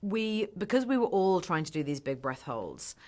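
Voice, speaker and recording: An actress chatting in a press interview, an animated storyteller who laughs often. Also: female voice, fairly low pitch, normal speed. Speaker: actress guest. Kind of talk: casual press interview chat.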